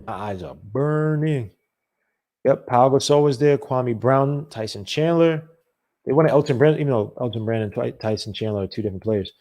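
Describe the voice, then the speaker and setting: Man, podcast host, casual sports talk, animated, rambling, mid pitch. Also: brisk. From not from the American South. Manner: animated, rambling rant with many restarts.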